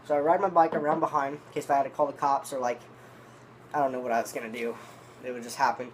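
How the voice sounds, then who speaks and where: A man's voice: mid-range voice, little pitch movement, fast, a little hiss or hum. A man telling a long, rambling story in casual, profanity-laden talk, reviewing dip tobacco. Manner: rambling, profane, restarts often.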